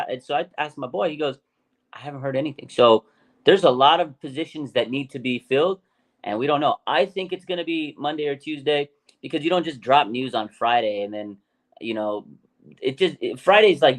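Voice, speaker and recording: Animated slangy man on a sports podcast. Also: medium pitch. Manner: animated, slangy, many fillers and restarts. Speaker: podcast host. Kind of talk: casual sports podcast chat.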